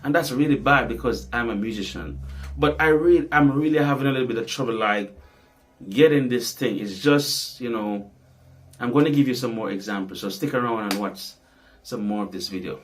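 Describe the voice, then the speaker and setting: A man's voice: medium pitch, moderate pace. A man talking casually to his camera as a vlogger and musician, rambling and filling his talk with "you know". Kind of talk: casual vlog chat.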